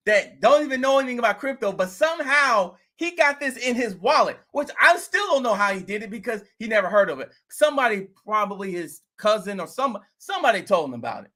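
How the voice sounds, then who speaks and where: A man hosting a crypto vlog, telling a rambling, animated story in casual talk. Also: sits high. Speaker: crypto video host.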